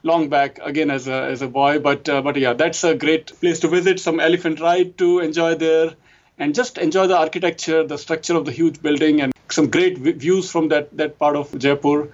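An Indian-accented man with a somewhat high voice, talking as a guest in a relaxed conversation. He chuckles often and says yes again and again. The recording sounds muffled and lo-fi. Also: normal speed. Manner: frequent laughs and repeated yeses. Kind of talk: casual conversation.

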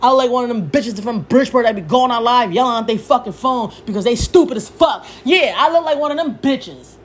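Young woman, heated cursing rant, high voice, swings wildly up and down. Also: lively intonation, a little fast. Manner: heated, cursing freely, yelling at times. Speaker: podcast host. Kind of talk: profane rant.

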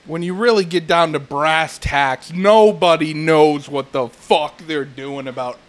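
A man vents on a casual podcast, swearing through nearly every sentence. His voice sits a little high for a man. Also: unhurried. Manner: profane ranting, frequent swearing. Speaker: podcast co-host.

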